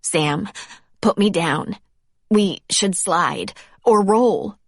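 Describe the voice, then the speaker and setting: A woman's voice: mid-range voice, expressive, drawn-out words, gravelly, dry recording, clean studio sound, full character voice. A woman narrator voicing an injured young woman skier who stays spirited and wry. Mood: pained pleading.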